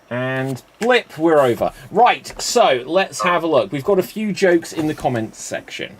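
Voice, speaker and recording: A man hosting a live improv comedy stream, telling quick joke setups and calling on players by name with easy chuckles. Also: on the high side, expressive. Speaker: improv show host.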